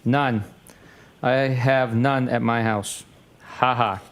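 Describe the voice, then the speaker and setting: A man reading an exchange of text messages aloud in a flat, matter-of-fact way. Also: medium pitch, takes it slowly, slight background noise.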